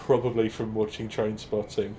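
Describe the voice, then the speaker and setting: A man being interviewed about improv comedy, talking casually in quick, self-deprecating bursts with frequent restarts. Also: lowish voice, flat delivery, dark tone, a little hiss or hum. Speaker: improv performer guest.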